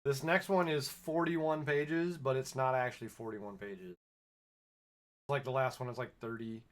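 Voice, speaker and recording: A man's voice: medium pitch, fairly even intonation, a little slow. A man hosting a podcast, chatting casually with a live audience and then reading a short story aloud in his own plain voice, his throat slightly scratchy.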